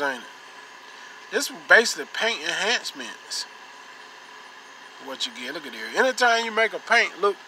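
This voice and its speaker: A man's voice: fairly high pitch, pushed and bright. A man hosting a car detailing channel, casually showing off the results and pointing them out over and over. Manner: repetitive, pointing things out. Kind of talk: casual how-to demonstration. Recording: noisy ambience, vehicle sounds.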